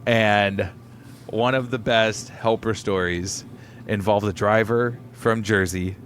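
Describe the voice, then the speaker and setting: A man's voice: lowish voice, slow pace, slight background noise. A man co-hosting a podcast, telling stories in casual, profane chat and acting out the people in them. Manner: animated storytelling with swearing and put-on quotes. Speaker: podcast co-host, delivery driver.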